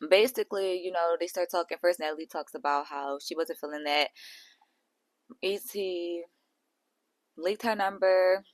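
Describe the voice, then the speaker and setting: A woman hosting a reality show recap, animated, gossipy and profane. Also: on the low side, unhurried, long pauses, dry recording. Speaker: host.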